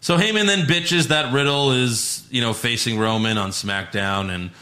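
Male co-host, bright voice, casual swearing recap, echoey room. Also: mid-range voice, moderate pace. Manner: swearing, playful recap with mock quotes. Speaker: podcast co-host recapping wrestling. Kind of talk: casual chat.

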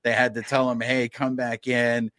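A man's voice: mid-range voice, level tone, moderate pace, a bit bright, no echo. A man hosting a podcast, asking long, enthusiastic, rambling questions in a casual chat. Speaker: podcast host.

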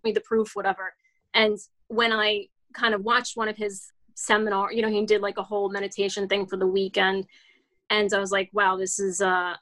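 A woman's voice: mid-range voice, fairly bright tone, poor audio. A woman in her forties with a mid-range voice talks as a podcast guest. She tells her story in a casual, earnest and reflective way, circling back with frequent restarts and "like" fillers. She sounds like an ordinary person chatting rather than reading a script. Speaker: guest, children's author. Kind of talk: casual interview talk.

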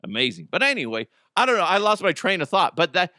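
A man hosting a podcast alone, chatting casually in an animated, profane, rambling way. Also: high-pitched, fast, no room sound, clean studio sound. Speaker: podcast host. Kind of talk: casual solo podcast chat.

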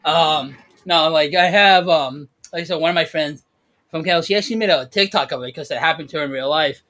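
A man co-hosting a casual podcast, telling stories in a slangy, animated way full of fillers. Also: fairly high pitch, a little fast. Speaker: podcast co-host. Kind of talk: casual chat.

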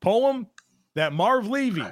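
A man's voice: sits high, animated, slow. A man co-hosting a casual sports podcast over a remote video call, talking upbeat and rattling off lists of numbers. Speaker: podcast co-host.

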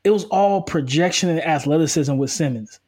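A man co-hosting a casual sports podcast, giving energetic, quick football breakdowns with frequent restarts. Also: fairly high pitch, slightly rough. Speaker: co-host, football analyst. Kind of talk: casual sports analysis chat.

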